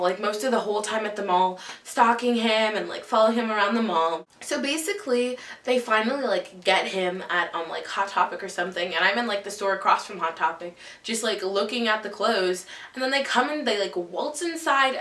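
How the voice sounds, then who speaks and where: A woman's voice: medium pitch, fairly bright tone, recorded from a distance. A girl in her late teens, vlogging casual stories to camera in a rambling way, full of "like" and "um". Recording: echoey room, mic set back.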